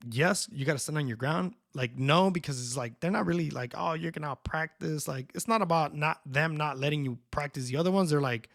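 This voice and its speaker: A man with a gravelly, fry-edged voice, set a little high for a man. He rants in loose slang, calls everyone bro and flips between mock voices. The sound is close and dry, with no room around it. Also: fairly quick, few pauses, a bit bright, dry recording. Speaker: vlogger. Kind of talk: casual rant.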